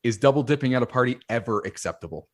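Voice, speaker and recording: A man hosting a podcast, chatting casually and playfully firing off quick quiz questions at his guest. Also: mid-range voice, animated. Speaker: podcast host. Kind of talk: casual interview chat.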